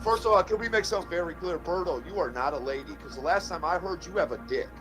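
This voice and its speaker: A slightly high-voiced man trades insults on an online panel, swearing and confrontational. Music plays clearly behind him. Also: fast talker, low-quality recording. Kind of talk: heated casual chat.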